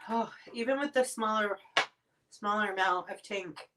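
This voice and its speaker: Chatty woman clearing her throat, a little off-mic. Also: mid-range voice, moderate pace, a bit bright, recorded from a distance, slight background noise. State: coughing from spicy food. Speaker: livestream host reviewing spicy snacks. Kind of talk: casual livestream chat. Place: home.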